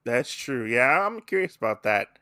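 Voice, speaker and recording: Recorded with clean studio sound and no echo, this man speaks at medium pitch and a moderate pace. Co-hosting a podcast, he chats in a lively, casual way about a comic he's reading and breaks into goofy character voices.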